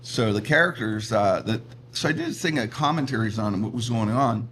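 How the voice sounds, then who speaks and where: Animated storytelling man. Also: on the low side, moderate pace, slight background noise. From Pittsburgh, USA. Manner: animated, laughs often, acts out voices in his stories. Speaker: comedian and radio personality guest. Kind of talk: casual storytelling interview.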